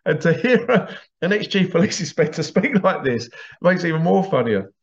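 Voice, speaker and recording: A man's voice: on the high side, very animated, moderate pace, dull audio. A man hosting a show and telling anecdotes in a chatty way, often breaking into laughter. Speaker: host. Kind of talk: casual anecdotal storytelling.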